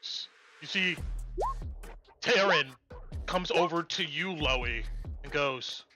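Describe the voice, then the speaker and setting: A man's voice: on the high side, takes it slowly, bright, forceful tone, soft background music. A man narrating as game master of a tabletop game, rambling with lots of likes and ums.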